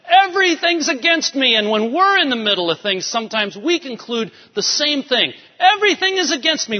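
A male pastor giving an animated sermon, swinging between soft, quiet lines and emphatic rises. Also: sits high. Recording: dull sound with long hall reverb.

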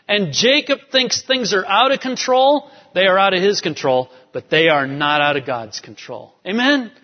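A man with a high voice preaches a sermon, swinging between emphatic lines and sudden near-whispers. His voice carries a long reverb, as in a large church sanctuary, and the sound is a little dull. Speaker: pastor.

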